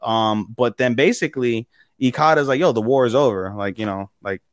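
A man co-hosting a podcast, casually recapping episodes in an animated way, acting out characters' lines and swearing freely. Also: medium pitch, a little fast, clear, resonant tone, dry recording, studio quality. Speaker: podcast co-host.

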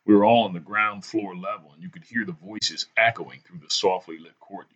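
A man's voice: sits low, fairly quick, a bit bright, slightly rough, dull audio. A man hosting a podcast, narrating a tense personal story in a dramatic, vivid way. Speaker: podcast host.

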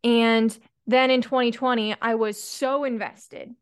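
A woman's voice: a little high, steady tone, measured pace, clear, resonant tone. A woman hosting a podcast interview, reflecting in a casual way and asking her guest open questions. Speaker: podcast host.

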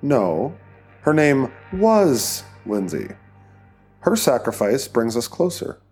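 A man reads as a cruel cult leader in an audiobook, commanding and menacing. He speaks slowly in a soothing, coldly controlled tone at a mid pitch. Soft music plays faintly behind him. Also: very animated. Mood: menacing, calm.

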